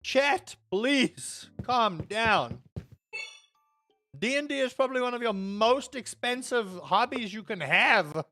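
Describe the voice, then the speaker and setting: A young man streaming a game and chatting to his viewers in a rambling, animated way, ranting half in jest. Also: extremely high pitch, takes it slowly, no room sound, faint music behind. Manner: rambling and animated, with self-mocking rants to chat. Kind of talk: casual live-stream chat while playing.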